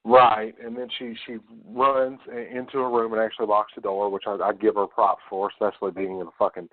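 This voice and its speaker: A man hosting a podcast, retelling a film scene in a casual, profane, animated way. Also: fairly low pitch, a little fast. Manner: swears a lot, animated retelling. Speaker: podcast host. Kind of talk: casual movie discussion. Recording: tinny phone-like lo-fi audio.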